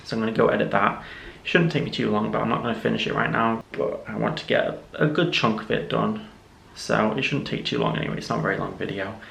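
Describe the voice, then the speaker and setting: Gravelly, rambling man vlogging. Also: fairly low pitch, fast talker, slight background noise. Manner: rambling, relaxed, self-correcting. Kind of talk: casual chat to camera. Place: home room, indoors.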